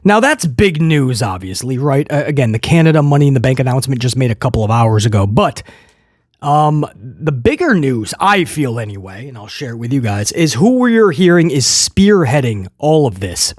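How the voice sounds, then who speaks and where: Male host, casual news chat, animated swings in pitch, rambling asides, dry close sound. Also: moderate pace, no echo. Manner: excitable, rambling, jokey asides. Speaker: wrestling news show host. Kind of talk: casual news commentary to viewers.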